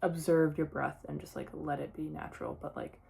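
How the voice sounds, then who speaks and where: Young woman vlogging, low husky voice, says "like" a lot. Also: flat delivery, a little fast, mellow. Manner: chatty, lots of "like" fillers. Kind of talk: casual personal vlog.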